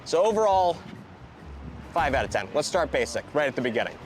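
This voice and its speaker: A man's voice: fairly high pitch, very animated, a little fast. A man giving blunt, profane, jokey food reviews in a casual vlog, recorded outdoors. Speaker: food reviewer in a played video.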